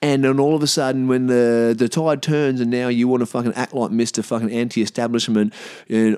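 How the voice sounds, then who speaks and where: An Australian man talks straight into his podcast mic in a loose, unscripted monologue. He swears freely and speaks bluntly, sitting at an ordinary middle pitch that jumps sharply when he gets heated. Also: brisk, clean tone. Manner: profane, heated and blunt, with sudden rises in pitch and loudness. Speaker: podcast host. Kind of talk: casual ranting podcast monologue.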